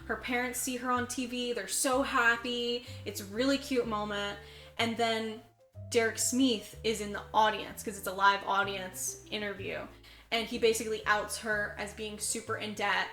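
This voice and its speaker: A podcast co-host with a fairly high voice animatedly recaps a movie plot at a moderate pace, acting out characters' lines and saying "like" a lot. The sound is reverberant, with faint music behind her.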